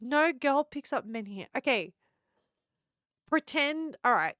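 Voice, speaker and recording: A woman's voice: high voice, very animated, takes it slowly, a bit bright, dry recording, clean studio sound. A woman hosting a casual live stream, chatting and constantly breaking into giggles.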